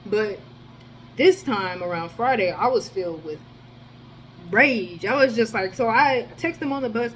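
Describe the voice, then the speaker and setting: A woman's voice: a little high, unhurried, a little hiss or hum, rough recording. Rambling, slangy young woman telling a story. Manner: rambling, slangy and profane, with many restarts; animated, with sudden jumps in loudness. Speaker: storyteller vlogger. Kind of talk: casual storytime monologue.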